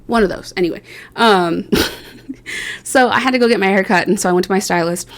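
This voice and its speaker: A young woman talks straight to her viewers in a loose, rambling vlog. She tells her story in a chatty, self-mocking way, full of fillers and quick asides. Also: medium pitch. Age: young adult. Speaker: vlogger.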